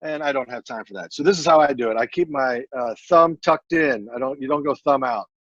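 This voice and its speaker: A veteran man in a casual interview, speaking earnestly and haltingly with many fillers and repeated words. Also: mid-range voice, a bit bright, dry recording, muffled recording. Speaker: military veteran guest.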